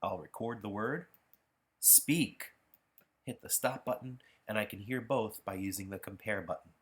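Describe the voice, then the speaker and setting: A man giving a patient, explanatory pronunciation lesson while walking through practice software. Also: lowish voice, brisk. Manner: patient, explanatory, self-correcting. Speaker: pronunciation instructor. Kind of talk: software demonstration tutorial.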